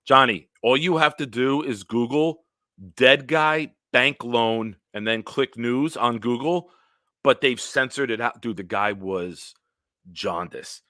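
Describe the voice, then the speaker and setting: A man hosting a casual solo livestream, telling stories in a rambling, animated way with big swings in loudness. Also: medium pitch, takes it slowly, no echo, studio quality. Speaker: livestream host.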